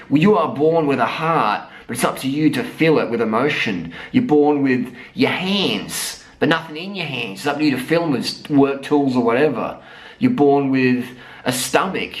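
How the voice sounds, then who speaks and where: A man's voice: mid-range voice, poor audio. An Australian man in his thirties, talking to camera in a blunt, profane, emphatic motivational rant mixed with storytelling. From South Australia. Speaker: vlogger.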